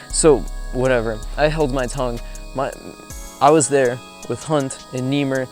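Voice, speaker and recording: Young male vlogger, mid pitch, chatty and profane, outdoor camera-mic sound with light music behind. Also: moderate pace. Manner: profane, animated storyteller with frequent fillers. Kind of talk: casual storytelling. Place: outdoors in a rural spot with insects.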